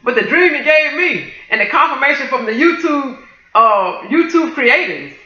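A woman's voice: high voice, expressive, normal speed, bright, forceful tone. A woman pours out praise and testimony to her online viewers with fervent exclamations. Her voice is tense and piercing. The home recording sounds dull and lo-fi in a reverberant room. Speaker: Christian video creator sharing a prophetic dream.

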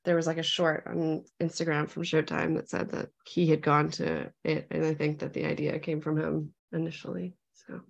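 Enthusiastic female podcast host, chatty, lowish voice with a gravelly fry. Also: flat delivery, normal speed, few pauses, highs cut off. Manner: chatty, enthusiastic, laughs often. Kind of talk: casual chat.

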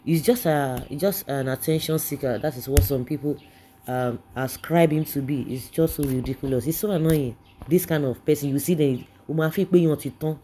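Nigerian commentator, indignant ranting opinion talk, dark mellow husky voice. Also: mid-range voice, moderate pace. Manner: indignant, ranting, repeats phrases. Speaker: political commentator.

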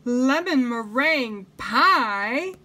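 A woman's voice: medium pitch, animated, takes it slowly, sharp tone, slightly rough, voice pushed up, heavily acted. A woman voicing a flustered, proper lady of the house in a storybook read-aloud, exclaiming in dismay.

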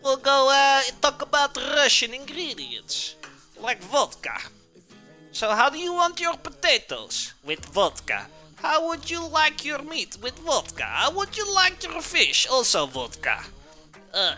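A man's voice: extremely high pitch, wildly swooping pitch, unhurried, bright, forceful tone, faint music behind, pitched above the performer's own voice, heavily acted. A man putting on a vodka-mad mock Russian comrade. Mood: joking. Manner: exaggerated comic accent.

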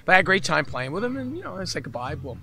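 Lively New man telling stories. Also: high-pitched, rapid-fire, soft background music. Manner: animated storyteller who acts out other people's voices. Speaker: musician guest. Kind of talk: casual storytelling interview. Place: festival interview setting.

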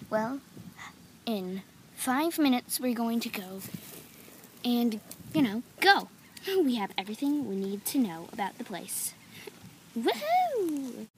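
A woman voicing every figure in a homemade toy-figure story, excitable and giggly as she jumps between playful character voices. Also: a little high, slow pace, long pauses, slight background noise. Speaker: toy video creator voicing all figures.

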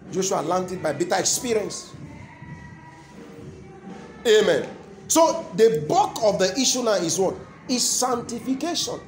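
A Nigerian-accented man preaches with a fairly high-pitched voice, throwing questions to the congregation so they finish his lines. He repeats his main points for weight. Soft music plays underneath. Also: big pitch swings, measured pace, pauses often. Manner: call-and-response, keeps asking the crowd "what?" to complete his lines; emphatic, repeating key phrases. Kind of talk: sermon.

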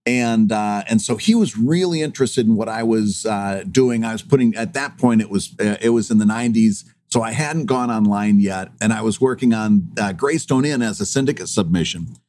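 A man in his fifties co-hosting a podcast, telling an old story with self-mocking humor and lively retelling of past conversations. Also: lowish voice, moderate pace, few pauses. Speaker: podcast co-host. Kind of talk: casual chat, storytelling.

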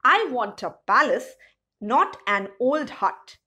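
A woman's voice: a little high, very animated, slow, sharp tone, full character voice. A woman teacher reading the short lines of a young boy hero in a storybook. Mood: pleading. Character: young boy hero, timid then bolder.

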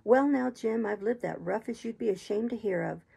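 A woman putting on a rough old marooned sailor. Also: on the high side, normal speed, dark tone, heavily acted. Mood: eager. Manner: rough sailor's dialect, eager and sly. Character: wild-eyed marooned old male sailor. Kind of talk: audiobook reading.

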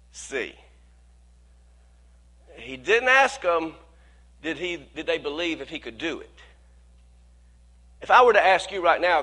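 Male pastor, high bright voice, folksy sermon delivery with stammered restarts. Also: husky. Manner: conversational preaching with frequent repeated words and quick laughs; speeds up when quoting worried people, slows to stress key words.

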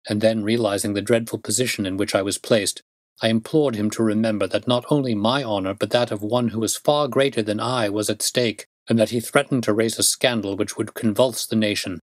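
A man reading a classic detective story aloud in a measured, steady narration. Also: lowish voice, dry recording. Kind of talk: audiobook narration.

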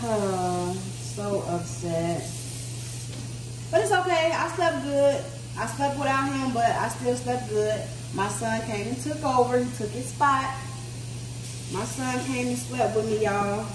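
Woman vlogger, higher voice, frank venting chat, roomy echo, mic set back. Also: slow pace, background noise. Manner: candid and venting, talking straight to viewers. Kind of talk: casual vlog chat. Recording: echoey room, mic at a distance.

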